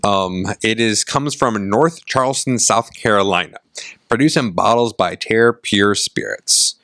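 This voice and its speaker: A man co-hosting a casual podcast chat over whiskey, an animated storyteller who acts out the exchanges he recounts. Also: on the low side, measured pace, dry recording, clean studio sound. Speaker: podcast co-host. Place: indoor studio set, on camera.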